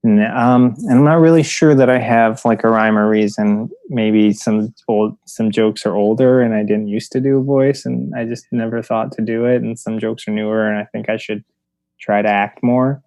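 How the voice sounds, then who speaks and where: Low-voiced, easygoing comedian guest. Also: male voice, steady tone, normal speed, a little mellow, dry recording. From Detroit, United States. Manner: easygoing, self-deprecating, hedging. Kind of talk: casual chat about comedy.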